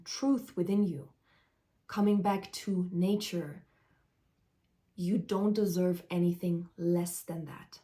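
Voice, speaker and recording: Woman spiritual coach, slow and earnest, lowish voice, improvised live talk full of "like" fillers. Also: mellow. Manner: earnest, searching for words, frequent "like" fillers. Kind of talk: unedited stream-of-consciousness live talk.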